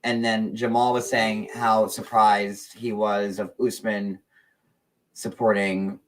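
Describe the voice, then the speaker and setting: A man's voice: lowish voice, level tone, slow, recorded from a distance. A man hosting a casual gossip livestream, talking in a chatty, meandering way with lots of fillers. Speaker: show host.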